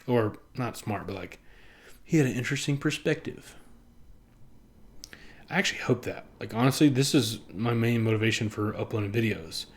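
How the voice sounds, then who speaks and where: A young man talks casually to camera in a rambling, profane, self-mocking way, laughing often and briefly acting out other people in quick put-on voices. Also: on the low side. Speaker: vlogger.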